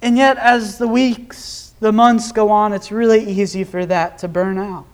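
Young male preacher, very high voice, earnest sermon delivery, pushes harder on scripture readings. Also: steady tone, measured pace, clean tone. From Nebraska, USA. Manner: earnest, rises in emphasis when quoting scripture.

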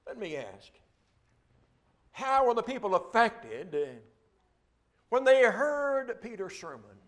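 A man's voice: very high-pitched, sing-song, slow. A man preaching a sermon, reading scripture and asking rhetorical questions with a repeated refrain.

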